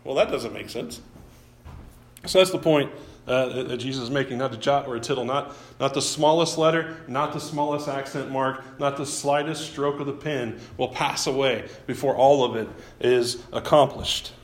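A man's voice: mid-range voice, fairly even intonation, moderate pace, reverberant. A man preaching a sermon as a pastor in a church. He talks conversationally, often restarts his words and poses questions to the congregation. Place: church sanctuary.

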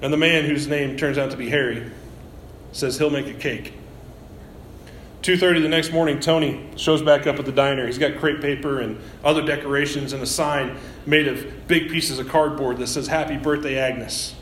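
A man's voice: a little high, fairly even intonation, normal speed, a bit bright. A man preaching a sermon, telling a story vividly and closing with reflective questions. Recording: roomy echo, faint noise.

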